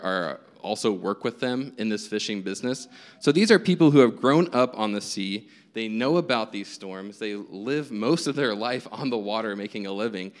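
Casual low-voiced young pastor. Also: male voice. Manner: conversational, self-deprecating storytelling. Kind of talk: casual sermon.

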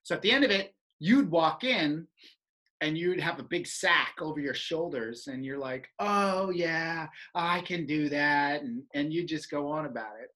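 Guy laughing thru old show stories, lively, bright sharp voice. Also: a little high, normal speed, rough recording. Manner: animated, laughing storyteller. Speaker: former stage partner, performer. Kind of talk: casual reminiscing chat.

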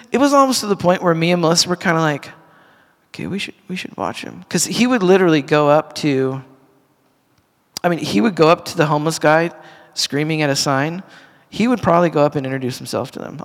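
A middle-aged man, a pastor, giving a casual, earnest sermon to a congregation in a church hall, talking conversationally with restarts and asides. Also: a little high. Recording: long reverb of a church hall.

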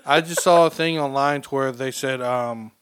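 A man's voice: medium pitch, moderate pace, a bit bright, smooth. A man on a podcast chatting casually, tossing in dry, joking asides. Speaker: podcast guest. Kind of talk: casual chat.

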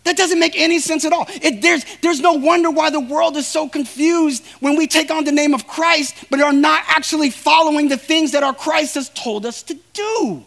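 Male preacher, sermon delivery, pitched high with a raspy fry, talks straight to the congregation. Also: moderate pace, hardly any pauses, a bit bright. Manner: earnest, emphatic, addresses listeners directly.

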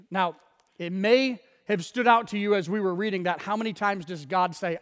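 Male pastor, high voice, chatty storytelling sermon in a big echoing church hall. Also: moderate pace, a bit bright. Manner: conversational storytelling, retells scenes in casual voices.

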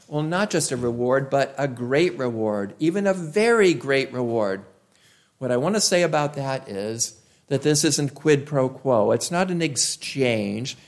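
Preacher, male, emphatic sermon delivery, repeats lines for weight, slow deliberate pauses. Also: medium pitch. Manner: emphatic, repeats key phrases, drawn-out pauses.

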